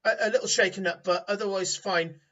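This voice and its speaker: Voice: medium pitch, steady tone, fast talker, bright, forceful tone, lightly acted. A game master voicing a frightened male farmer who stammers nervously, heard on a distant, dull mic. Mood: shaken.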